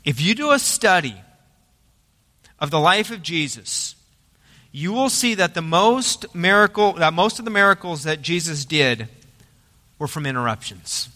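Bright-voiced preacher in a reverberant hall. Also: male voice, on the high side, very animated, unhurried, long pauses. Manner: emphatic preaching, rises to loud dramatic quotes. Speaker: pastor. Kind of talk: sermon. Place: church sanctuary.

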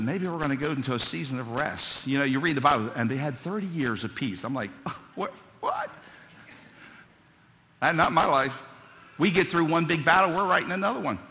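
A male pastor preaching a fervent sermon, building from quiet storytelling to loud shouted appeals. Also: on the high side, in a large hall.

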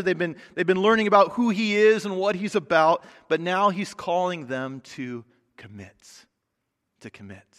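A male pastor preaching a sermon, conversational and emphatic, often dropping soft for stress. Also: high-pitched. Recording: long hall reverb.

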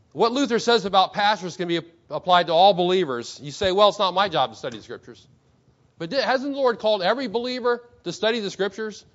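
A pastor preaching to his congregation, asking many rhetorical questions and reading quotations slowly with emphasis. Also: sits high, a bit bright, lo-fi sound. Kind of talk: sermon.

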